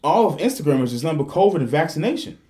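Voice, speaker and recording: A man, hosting a casual podcast and telling stories in a profane, animated way, full of restarts. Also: fairly high pitch, racing. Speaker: podcast host.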